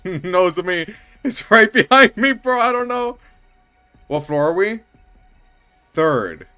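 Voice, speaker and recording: A man streaming a game, chatting casually and breaking into excited yelling and laughter. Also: a little high. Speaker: gaming streamer. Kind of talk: casual let's-play commentary.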